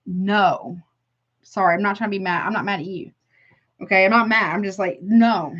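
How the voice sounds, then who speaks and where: A woman reads tarot cards in a blunt, emphatic, exclaiming way, often cutting in with a flat "no" and calling the listener honey. Her voice sits at an ordinary middle pitch. The recording is a little dull and lo-fi. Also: normal speed. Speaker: tarot reader. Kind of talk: casual tarot reading to camera.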